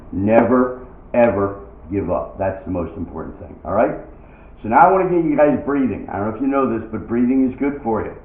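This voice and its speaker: Middle-aged man doing live stand-up. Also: on the low side. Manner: punchy joke delivery, acting out quoted voices. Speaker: stand-up comedian. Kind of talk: stand-up comedy set. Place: outdoor stage with live crowd. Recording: echoey lo-fi phone-like recording of a live show.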